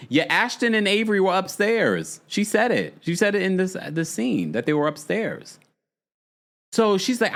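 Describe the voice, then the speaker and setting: A man hosting a podcast, casually recapping a reality show in animated, chatty commentary with frequent laughs and dramatic asides. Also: high-pitched, moderate pace.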